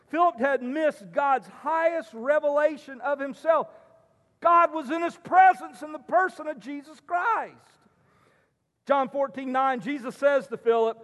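A man preaching a sermon as pastor, telling folksy stories and pausing on "uh" fillers. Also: very high voice, fairly bright tone. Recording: long hall reverb.

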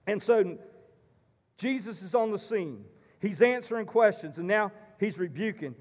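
A man preaching a sermon as pastor, telling folksy stories and pausing on "uh" fillers. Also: high-pitched. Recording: long hall reverb.

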